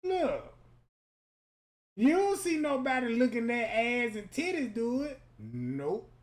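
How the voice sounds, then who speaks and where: A man giving profane comedic roast commentary that is loud, crude and mocking, with sudden shouts. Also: extremely high pitch, very animated, takes it slowly. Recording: roomy echoey room.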